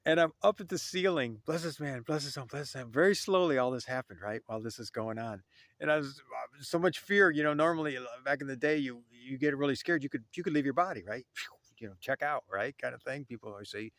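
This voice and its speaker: A man's voice: mid-range voice, a little fast, fairly bright tone, no echo. Man telling a rambling spiritual story. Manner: rambling, repeats phrases, chants a murmured prayer. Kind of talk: personal spiritual story told casually.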